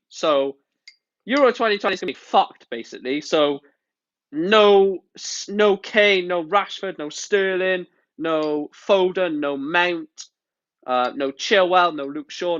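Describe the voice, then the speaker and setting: A man's voice: high voice, a bit bright, no echo. A man live-streaming, ranting about football in an angry, exasperated way and swearing often. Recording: dull, lo-fi stream audio.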